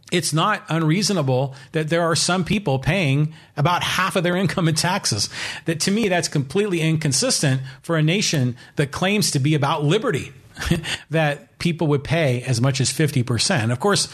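A man hosting his own solo podcast, talking in an opinionated, rambling way with many fillers. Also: a little high. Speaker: podcast host.

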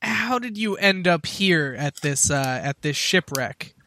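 A man hosting a tabletop game podcast as dungeon master, upbeat and quick to laugh in casual banter. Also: a little high, lively intonation, sharp tone.

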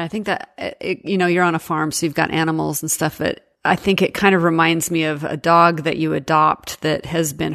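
A woman hosting an interview, chatting casually and asking long, winding questions. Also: low voice. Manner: conversational, asks rambling questions. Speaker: host.

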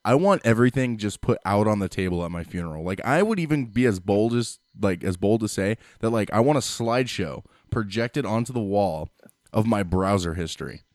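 A man's voice: fairly low pitch, expressive, brisk, a little mellow, no room sound, studio quality. A young man hosting a casual chat, blunt and crude in his joking. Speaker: podcast host.

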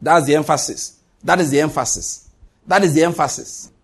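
Man, pastor preaching, high voice, husky tone, emphatic and repetitive. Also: moderate pace. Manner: emphatic, repeats points, swings pitch up and down. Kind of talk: sermon.

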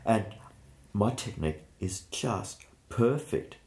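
A man, a painter, telling anecdotes in an animated way during an interview. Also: fairly low pitch, slow pace, creaky. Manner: anecdotal, animated storytelling with laughs.

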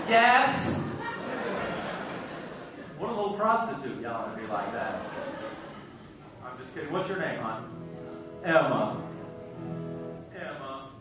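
A man performs a crude stand-up set, loudly teasing the crowd and now and then breaking into a sung bit. His voice sits a little high. He is heard from a distance in an echoey club, with music going in the room. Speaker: stand-up comedian. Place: comedy club stage. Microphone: handheld stage mic.

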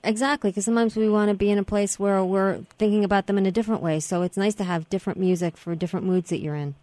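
A woman co-hosting a radio talk show, chiming in briskly and agreeably. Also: mid-range voice, fairly even intonation, dark tone, no room sound. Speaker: radio co-host.

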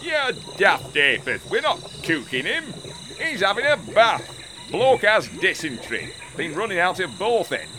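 Yorkshire man, sketch comic, blunt and gruff, high lively voice, noisy recording with crickets behind. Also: unhurried. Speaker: comedy sketch performer. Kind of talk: comedy sketch acting.

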